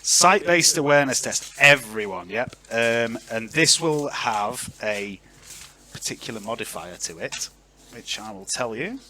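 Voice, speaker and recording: A man narrating a tabletop role-playing game as game master, in an animated and chatty way. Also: medium pitch, unhurried, a little hiss or hum.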